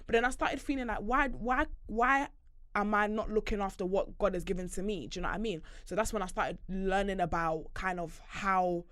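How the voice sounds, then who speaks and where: Woman, podcast host, casual chat, animated and blunt, bright forceful tone, dry close sound. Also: medium pitch, fairly quick, no room sound. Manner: animated, swears freely, bursts into loud outbursts.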